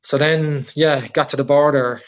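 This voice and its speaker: A man in his thirties with an Irish accent, a guest cyclist telling his travel story in a relaxed, rambling way, full of "like" and "just". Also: on the high side, normal speed, dull audio. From Ireland. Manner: rambling, filler-heavy, with frequent "like" and "just". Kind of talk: casual storytelling interview.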